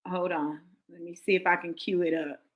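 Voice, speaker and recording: A woman's voice: fairly low pitch, little pitch movement, moderate pace, low-quality recording. An American woman hosting a livestream commentary, talking emphatically to her viewers with frequent restarts. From United States. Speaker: livestream host.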